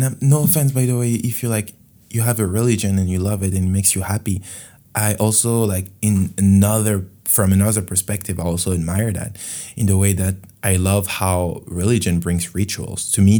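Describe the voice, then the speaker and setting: A man's voice: deep voice, warm tone, breathy edge. A man from France with a French accent, hosting a casual podcast monologue in a rambling, candid way. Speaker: podcast host.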